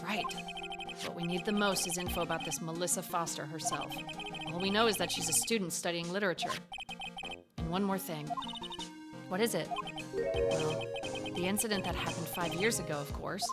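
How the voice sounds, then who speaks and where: A woman voicing an earnest young male defense lawyer, reading his game dialogue in a lowered, quick, matter-of-fact way. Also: loud music behind the voice, close to an everyday voice.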